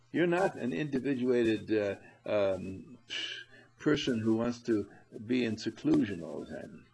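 A man leading a spiritual seminar, coaxing and animated, who addresses his listeners directly and laughs often. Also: mid-range voice, creaky, breathy edge, rough recording. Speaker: seminar leader. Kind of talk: spiritual seminar talk to a group.

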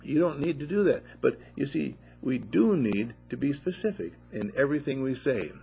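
A man giving an informal spiritual talk to a small group at a monastery, animated and playful, full of rhetorical questions. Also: medium pitch, moderate pace, creaky, soft background music. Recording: dull lo-fi recording.

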